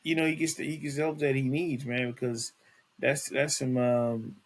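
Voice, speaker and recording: A man's voice: medium pitch, flat delivery, normal speed. A man hosting a casual celebrity news podcast, talking in a rambling way with many restarts and fillers. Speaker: podcast host.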